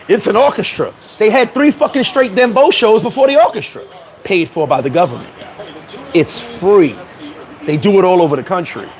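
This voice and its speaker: A vlogger from New York, voice on the high side, sweats through a casual livestream rant on a hot corner of a Caribbean town. Speaking loosely and bluntly to his chat, he curses with energy and laughs at his own slip-ups.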